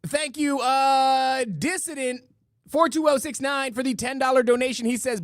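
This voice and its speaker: A man's voice: very high voice, normal speed, no echo, clean studio sound. A middle-aged man hosting a live-stream podcast, talking casually and rambling through stories with many restarts and asides. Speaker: podcast host reading donations and chat.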